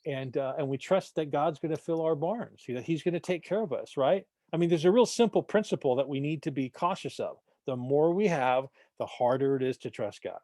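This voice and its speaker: Man, adult church class teacher, slightly high voice, dry close sound, conversational, repeats himself, keeps checking in with listeners. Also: brisk, hardly any pauses, warm tone, no room sound. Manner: conversational, repeats words, keeps asking "right?"; tells jokes, punchy emphasis.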